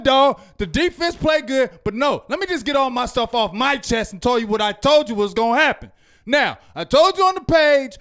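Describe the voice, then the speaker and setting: A man delivers a heated postgame rant in a strikingly high voice. He is loud and fired up, hammering his points and checking in with the listener again and again. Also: lively intonation, moderate pace. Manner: loud, fired-up ranting with repeated "you feel me?". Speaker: fan show co-host.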